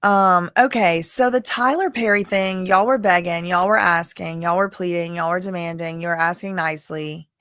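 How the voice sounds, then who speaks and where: Chatty low-voiced woman streamer. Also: steady tone, normal speed, few pauses, fairly bright tone, clear, resonant tone, no echo, studio quality. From Louisiana. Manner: chatty and rambling, talks straight to viewers as "y'all". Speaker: livestream host covering court cases. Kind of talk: casual live-stream commentary.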